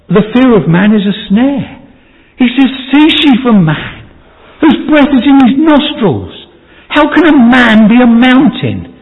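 A man preaching a fervent sermon, his voice climbing to high, emphatic peaks before falling soft and low. He halts and restarts as he goes. The recording is thin and phone-like, with a long hall reverb trailing behind him. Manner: halting, with many restarts and pauses.

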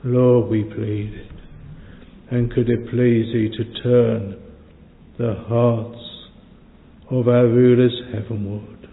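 A man leads a slow, solemn prayer in old-fashioned thee-and-thou language, pleading and pausing between phrases. His low voice stays even and flat in pitch. The sound is narrow and phone-like, carried in a long echo of a church hall. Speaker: minister leading prayer. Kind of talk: extemporaneous pastoral prayer.

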